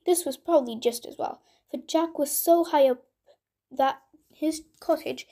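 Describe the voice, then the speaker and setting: A woman reading a bedtime story aloud in a gentle, unhurried way. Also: sits high.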